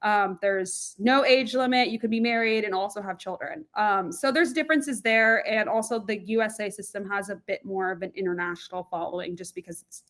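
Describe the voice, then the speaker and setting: A young woman from Florida, chatting as a guest in a casual interview, quick and animated with frequent laughs and a plain general American voice. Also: mid-range voice. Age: young adult. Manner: lively, quick, laughs often, animated asides.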